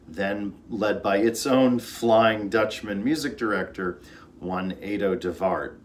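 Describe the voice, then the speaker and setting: A man's voice: sits low, slight background noise. A man, an orchestra conductor, giving an earnest informal talk about music, storytelling with fillers and restarts.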